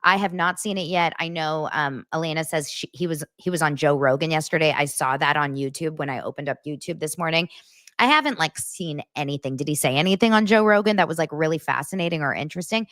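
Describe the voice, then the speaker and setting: A woman in her thirties hosting a casual livestream, chatty and animated as she reacts to chat comments. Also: low-pitched, fast talker, no room sound, clean studio sound. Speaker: livestream host.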